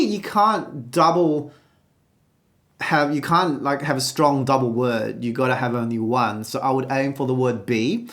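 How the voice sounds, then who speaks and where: A woman's voice: sits low, unhurried. A woman vocal coach explaining singing technique in a reaction video, breaking into sung examples. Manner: explains and demonstrates with sung snippets.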